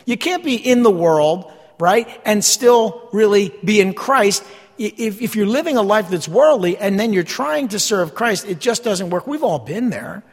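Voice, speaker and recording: A man's voice: sits high, expressive, normal speed, big-room sound. A man preaching a sermon as a pastor, talking conversationally and asking the congregation rhetorical questions.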